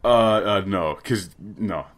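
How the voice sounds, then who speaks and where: A man hosting a podcast, chatting casually in a loose, excitable, joking way. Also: lowish voice, slow pace. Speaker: podcast host.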